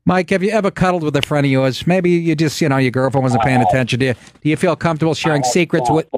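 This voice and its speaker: A man's voice: fairly high pitch, quick pace, dry recording. A middle-aged man hosting a comedy talk show, ranting sarcastically with profanity and frequent laughs. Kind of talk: comedic radio show banter.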